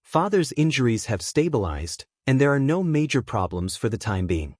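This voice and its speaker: A man voicing a calm elder father. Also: mid-range voice, no echo, clean studio sound. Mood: calm, gratified. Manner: calm and measured. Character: proud recovering father, clan elder, calm.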